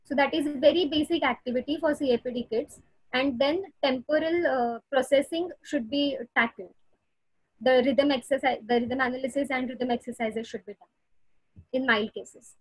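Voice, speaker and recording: A woman speaks in a high voice. She walks through ideas in a webinar, stopping often on "uh" as she finds her words. The sound is dry and close over a video call. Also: moderate pace, slightly rough, no echo, poor audio. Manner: explanatory, many hesitations. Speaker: audiologist speaker. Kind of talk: webinar explanation.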